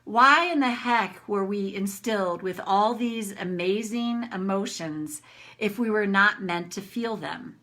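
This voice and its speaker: Middle-aged woman, bright forceful voice, frank, cursing, acts out her rants. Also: mid-range voice, a little slow. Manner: animated, frank, swears freely, acts out her own rants. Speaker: tapping coach hosting a live session. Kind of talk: casual live-stream talk to viewers.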